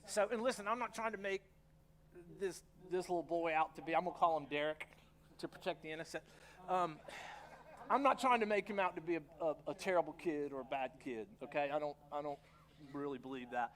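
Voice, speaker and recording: A man's voice: on the high side, fairly quick. A middle-aged man, preaching a sermon in a church and acting out his own reactions as he tells stories. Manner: animated storytelling, acts out his own reactions. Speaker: pastor. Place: church sanctuary.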